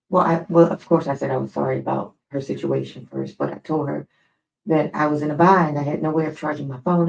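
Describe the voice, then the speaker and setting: The lo-fi sound carries a gravelly voice that sits low, belonging to an American woman on a live stream. Casual and animated, she spins chatty stories full of digressions.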